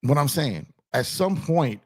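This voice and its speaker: A man's voice: a little high, animated, a little slow, a little mellow. A man hosting a sports talk show, emphatic, repeating his lines and talking straight to his chat. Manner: emphatic, repeats phrases, addresses chat as y'all. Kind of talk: animated basketball talk show. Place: home studio with purple lights. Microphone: on camera streaming setup.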